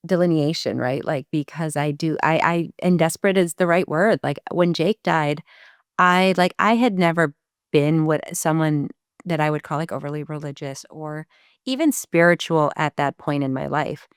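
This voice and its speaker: A woman's voice: low voice, fairly even intonation, moderate pace, clean tone, no echo, clean studio sound. A woman hosting a podcast interview, chatting casually, affirming her guest and restarting her thoughts as she speaks. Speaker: podcast host.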